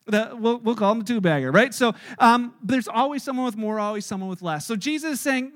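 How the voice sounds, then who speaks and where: A middle-aged pastor with an unusually high voice, preaching a sermon. He tells the story with animated energy and slips into the voices of the people in it. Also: brisk, hardly any pauses.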